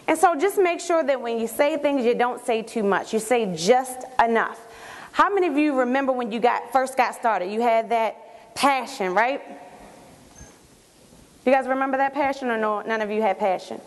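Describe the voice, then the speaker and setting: A woman giving an energetic live training talk on network marketing, quizzing her audience as she coaches them. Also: fairly high pitch, moderate pace. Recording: echoey hall with long reverb.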